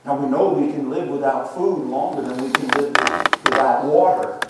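An older man preaching a sermon, slow and emphatic, repeating phrases for emphasis, with the congregation answering now and then. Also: medium pitch. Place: church sanctuary. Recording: echoey room, distant mic, faint noise.

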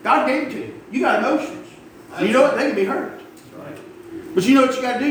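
A middle-aged pastor preaches fast and expressively in a high voice, broken by long pauses. His folksy, emphatic sermon in a church sanctuary gets the congregation responding to his calls, and the recording is echoey, noisy and far-off.

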